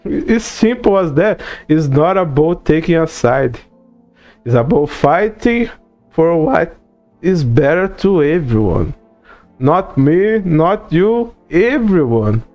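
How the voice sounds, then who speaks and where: Slow-talking Brazilian man, profane rant. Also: a little high, highs cut off, faint music behind. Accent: Brazilian Portuguese. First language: Portuguese. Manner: profane, animated rant with many "bro" and "you know" fillers. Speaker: streamer. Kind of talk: casual livestream chat.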